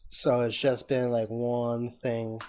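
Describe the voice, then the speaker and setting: A man's voice: medium pitch, level tone, slow pace, a little mellow. A man co-hosting a podcast, chatting casually and thoughtfully with his co-host and chat.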